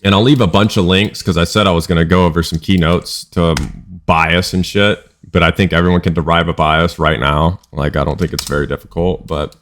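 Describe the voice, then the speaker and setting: A man's voice: low voice, steady tone, fairly quick, few pauses, a bit bright, a little hiss or hum. A man talking in a casual vlog monologue about trading, emphatic and profane, often repeating himself. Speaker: trading educator.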